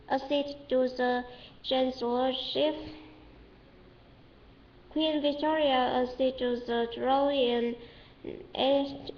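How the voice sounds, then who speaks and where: A high-pitched woman with a Vietnamese accent slowly sounds out dictionary words and example sentences, repeating and correcting herself as she goes. She is recorded on a webcam in an echoey room, and the sound is dull and lo-fi. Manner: halting, repeats each word several times, self-corrects. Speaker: English learner. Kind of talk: reading dictionary entries aloud for pronunciation practice.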